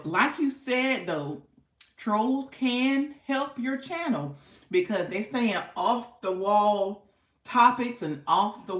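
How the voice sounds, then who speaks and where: A woman's voice: mid-range voice, roomy sound. A woman hosting a casual live stream, chatting playfully with viewers and laughing often. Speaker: livestream host.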